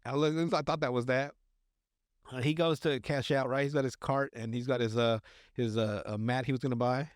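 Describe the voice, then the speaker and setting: A man's voice: medium pitch, steady tone, normal speed, clear, resonant tone, no room sound, studio quality. A man hosting a podcast, telling a story in casual, crude chat full of fillers and restarts. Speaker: podcast host.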